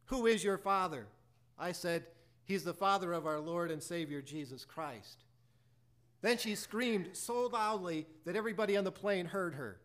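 A preacher telling a personal story in a sermon, acting out both sides of a conversation and reciting hymn lyrics. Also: male voice, high voice, moderate pace. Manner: animated storyteller acting out dialogue.

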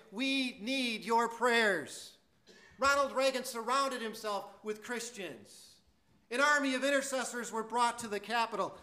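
A man delivering a sermon in a high voice that lifts his words. He tells the story earnestly and leans on the points he wants to land. His tone is bright and forward, with a stumble here and there. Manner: earnest, emphatic storytelling with some stammered restarts. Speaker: preacher.

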